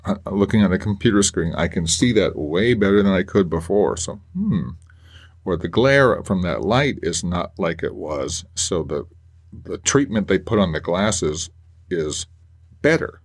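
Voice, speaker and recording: A man hosting a faith podcast, talking earnestly and emotionally with halting restarts. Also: sits low, lively intonation. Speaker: podcast host. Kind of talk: personal faith podcast monologue.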